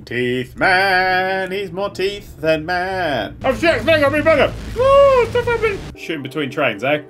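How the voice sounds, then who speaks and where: A man giving loud, swearing, excitable live commentary while streaming a game, with sudden yelps and laughs. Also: high voice.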